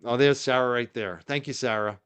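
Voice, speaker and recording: A man's voice: medium pitch, a little fast, a bit bright, clean tone. A man hosting his own livestream show, talking casually and emotionally, moved and grateful, then indignant. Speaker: podcast host.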